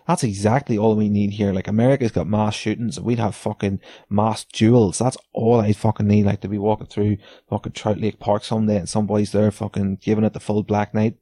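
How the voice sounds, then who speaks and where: A man riffs alone on his podcast in a loose, sardonic rant, cursing freely and chuckling at his own jabs. His voice sits on the low side with a warm, mellow tone, and the recording is close and dry. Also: flat delivery, a little fast, hardly any pauses, no room sound. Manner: sweary, sardonic, laughs between lines. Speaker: podcast host. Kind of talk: casual solo rant.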